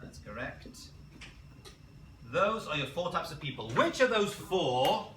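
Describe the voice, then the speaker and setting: A man teaching a college class as a rabbi, lively and quizzing his students, correcting himself as he goes. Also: on the high side, measured pace, a little hiss or hum. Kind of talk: classroom lecture. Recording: roomy classroom picked up from a distance.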